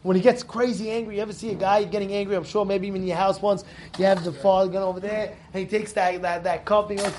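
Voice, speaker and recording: A man's voice: high-pitched, flat delivery, very fast, darkish tone, slight background noise. A man giving an informal Torah lesson, full of rhetorical questions and repeated, restarted words. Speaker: Torah teacher.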